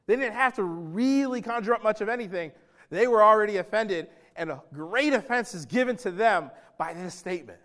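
A man preaching a sermon as pastor, emphatic and dramatic, swinging between loud stretches and hushed ones and talking straight to his congregation. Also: high voice, lively intonation, fairly quick. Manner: acts out quoted speech and addresses the congregation directly.

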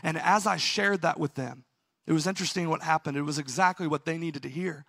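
A pastor giving a sermon, telling a story earnestly and sometimes laughing at himself. His voice sits a little high for a man and has a gravelly edge. The sound is dry and close. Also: brisk, pushed and bright, dry recording.

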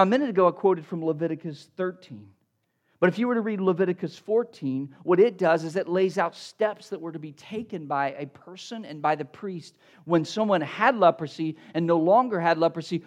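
High-voiced man preaching a sermon. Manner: rhetorical questions, repeats words when building a point; swings between loud emphatic lines and low, quiet asides. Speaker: pastor.

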